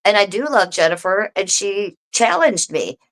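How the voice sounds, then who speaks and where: A woman's voice: mid-range voice, normal speed. Woman venting on her live stream, cussing a lot, talks right at the chat. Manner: swearing, animated, talks to viewers directly. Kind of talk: casual live stream rant.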